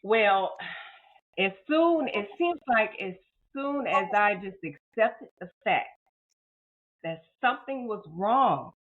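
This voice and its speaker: A woman's voice: mid-range voice, expressive, slow. A woman guest telling a painful personal story in an interview, heartfelt and emotional, often repeating words and acting out her own past thoughts. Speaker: podcast guest. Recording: phone-like narrow audio.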